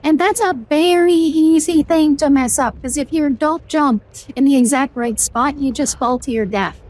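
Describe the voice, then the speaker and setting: A woman's voice: high voice, normal speed, a little mellow, slight background noise. A woman playing a game on a stream, chatty as she explains the game and drops bits of trivia. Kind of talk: casual gaming stream commentary.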